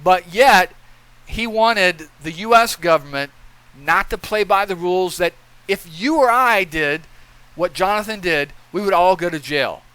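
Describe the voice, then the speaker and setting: Male commentator, high bright clear voice, blunt profane lecturing rant. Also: expressive, unhurried, no room sound, low-quality recording. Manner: lecturing, repeats points with "okay?". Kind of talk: opinion commentary.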